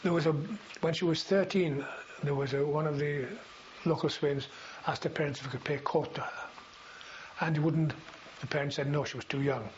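A man's voice: a little high, fairly even intonation, moderate pace. Older man recalling, with fillers. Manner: rambling, frequent fillers and restarts. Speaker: veteran interviewee. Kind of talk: oral history recollection. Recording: dull lo-fi recording with faint hiss.

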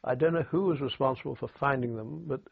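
In this oral history interview, an older British veteran with a creaky, husky mid-range voice looks back on wartime radio duty. The audio sounds tinny, like a phone line, and he speaks anecdotally with dry humour and hesitant restarts.

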